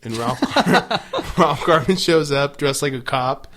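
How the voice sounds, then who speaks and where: A man co-hosts a casual podcast, swearing freely as he walks through the plot. He laughs often and jumps into quick bits of acted-out dialogue. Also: a little high. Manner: profane, animated recapping with laughter. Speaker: podcast co-host. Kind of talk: casual chat.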